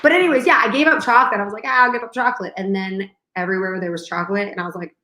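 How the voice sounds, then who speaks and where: A woman's voice: mid-range voice, very fast, bright, forceful tone. Chatty woman in an echoey room. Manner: chatty storyteller, acts out dialogue. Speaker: co-host. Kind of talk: casual chat.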